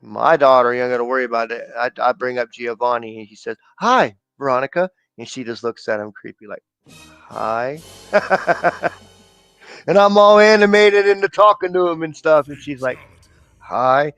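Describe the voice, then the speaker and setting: A man's voice: mid-range voice, a little fast, fairly bright tone, clean tone, no room sound, faint music behind. A man co-hosting a casual livestream, talking loosely and rambling with slang and fillers.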